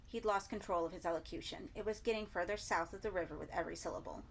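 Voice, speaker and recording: A woman narrating a horror story in a measured reading voice, sometimes dropping to soft asides. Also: lowish voice, creaky, a little hiss or hum. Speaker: audiobook reader.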